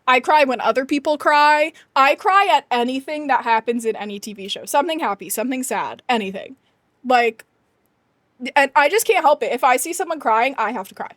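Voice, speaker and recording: A young woman chatting casually to her live stream viewers, with a high, bright-pitched voice. The sound is dry and close, with no room around it. She talks animatedly, laughs often and rants with emphasis. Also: no room sound.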